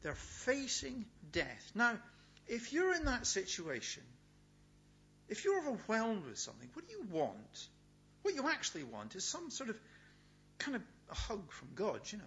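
Emphatic male preacher, lively bright voice. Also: high-pitched. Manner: emphatic, repeats key words with pauses. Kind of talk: sermon. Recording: dull, lo-fi sound with faint hum.

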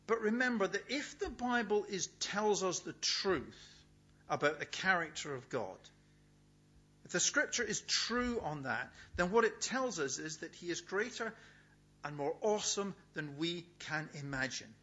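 A middle-aged man preaching a sermon, emphatic, repeating key words with pauses for weight. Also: high-pitched, animated, sharp tone. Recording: dull, lo-fi sound with faint hum.

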